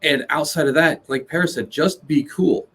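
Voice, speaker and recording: A man's voice: on the high side, moderate pace, a bit bright, a little hiss or hum. A man speaking as a guest on a casual podcast, blunt and rambling, restarting sentences and swearing. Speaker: guest, live sound engineer. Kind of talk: casual interview chat.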